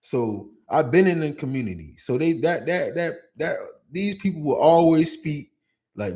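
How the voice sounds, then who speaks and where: Fired-up man venting, somewhat high voice. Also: normal speed. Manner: animated, venting, repeats "you know what I'm saying". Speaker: podcast host and youth coach. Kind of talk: casual monologue.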